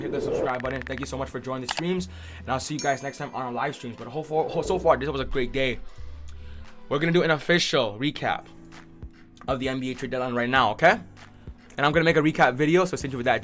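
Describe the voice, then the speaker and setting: A young man hosting a live sports stream, reacting excitedly and answering chat by name. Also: medium pitch, quick pace, faint music behind. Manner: excitable, reads chat names aloud.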